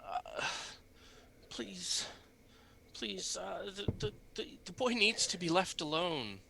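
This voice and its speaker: Man putting on a high, pleading priest who stutters in fear, for a tabletop game. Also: sing-song, takes it slowly, creaky, sharp tone, slight background noise, full character voice. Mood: desperate. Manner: stammering and begging. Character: frightened, pleading male village priest.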